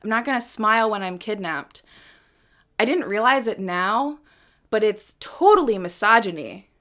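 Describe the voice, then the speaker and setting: A woman's voice: mid-range voice, expressive, moderate pace, a bit bright. A woman hosting a live music stream, chatting casually between songs, rambling and swearing freely with self-mocking humor. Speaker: livestream host and singer.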